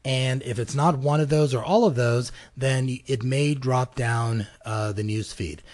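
A man's voice: mid-range voice, a little slow, a little mellow. Chatty man giving marketing advice. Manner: conversational, many fillers, acts out little dialogues. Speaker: podcast host. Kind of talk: casual advice talk. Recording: live program.

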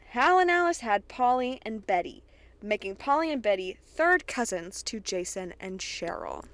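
A young woman from Kentucky hosting a podcast, recapping a TV episode in an excitable, chatty way with plenty of swearing. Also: a little high. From Kentucky, USA. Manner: chatty, profane, excitable retelling. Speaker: podcast host.

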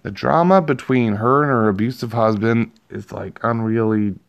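A man's voice: on the low side, moderate pace, vocal fry, clean tone. A man giving a rambling, profane, self-amused movie review in a casual vlog. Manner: rambling, profane, laughs at himself.

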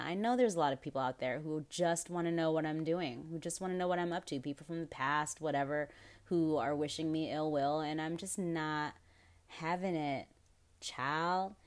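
A woman talking straight into her podcast mic with a slightly low voice. She rambles through casual asides, swears freely and laughs often. Her tone stays blunt and unfiltered. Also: fairly quick. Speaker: podcast host.

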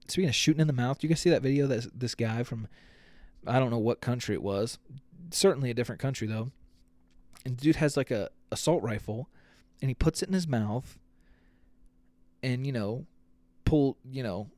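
A man's voice: mid-range voice, moderate pace, pauses often, darkish tone, dry recording. A man hosting a podcast, ranting in a casual, comedic and profane way and acting out quotes. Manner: profane, rambling, acts out quotes. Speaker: podcast host.

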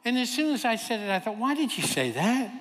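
A man from Kentucky preaching a sermon, telling a personal story in an animated way and acting out the voices of the people in it. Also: very high voice, brisk. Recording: long hall reverb.

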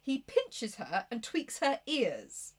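A woman's voice: a little high, wildly swooping pitch, slow pace, breathy edge. A young woman co-hosting a casual book chat, giggling and swearing as she retells the plot. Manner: giggly, swears often, acts out characters. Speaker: podcast co-host.

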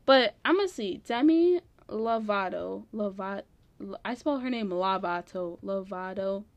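A woman's voice: mid-range voice, expressive, measured pace, no echo. A young woman hosting a casual solo podcast, rambling and giggling, full of fillers. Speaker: podcast host.

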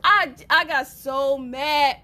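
Brief: a woman podcast host spinning a story, salty and lively, voice on the higher side. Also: slow pace, slight background noise. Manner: profane, animated, acts out quotes; addresses listeners as y'all. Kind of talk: casual storytelling monologue.

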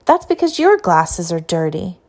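A woman's voice: lowish voice, big pitch swings, measured pace, darkish tone, full character voice. A woman voicing a young girl who is blunt, contrary and matter-of-fact. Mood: stubborn.

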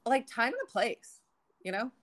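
A woman's voice: a little high, very animated, normal speed, a bit bright. A young woman co-hosting a podcast in casual chat, laughing often and acting out what people said. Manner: laughs often, acts out quoted lines. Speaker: podcast co-host.

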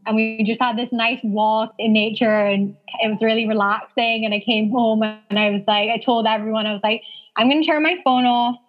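A woman in her thirties with a fairly high voice tells her story in a chatty, rambling way, full of "like" fillers and frequent laughter. The recording sounds dull and lo-fi. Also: level tone, fairly quick, few pauses. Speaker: guest sharing her birth story. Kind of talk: casual storytelling.

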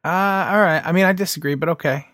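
A man's voice: on the high side, fast talker, fairly bright tone, dry recording, clean studio sound. A man co-hosting a podcast in casual chat, wry and easygoing. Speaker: podcast co-host.

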